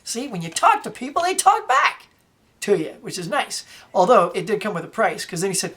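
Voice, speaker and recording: A woman's voice: mid-range voice, fairly quick, a little hiss or hum. Chatty woman saying y'all. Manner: chatty, animated, says "y'all", wanders off topic. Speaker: collector vlogger. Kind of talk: casual show-and-tell vlog.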